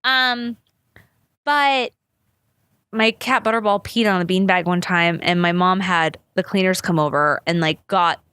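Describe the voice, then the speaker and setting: A woman hosting a podcast in casual chat, rambling and animated and swearing freely. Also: fairly low pitch, a little slow, smooth, dry recording. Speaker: podcast host.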